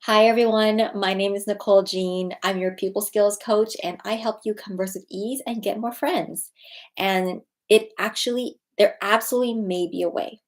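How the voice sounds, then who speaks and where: A woman's voice: medium pitch, normal speed, poor audio. A woman in her thirties, a people skills coach, telling a personal story in a casual advice vlog, repeating key phrases for emphasis. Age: 30s. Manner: animated storytelling with frequent repetition for emphasis.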